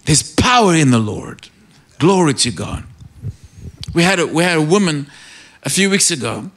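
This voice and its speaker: A middle-aged man preaching a sermon, telling stories with animation and rising to shouted praise. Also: on the high side, very animated, normal speed.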